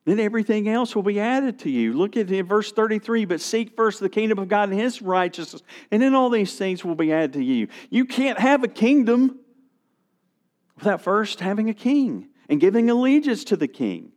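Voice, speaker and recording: A man's voice: high voice, expressive, moderate pace, a little mellow. A middle-aged male pastor preaching a sermon, reading scripture and animating his stories with quoted voices.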